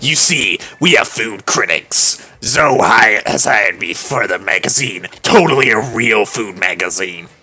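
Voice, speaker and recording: A man voicing a haughty, imperious young princess with a slow, drawling, lordly delivery, as a game character on a stream. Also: on the low side, lively intonation, sharp tone, breathy edge, faint music behind, voice pushed down, exaggerated voice, rough recording.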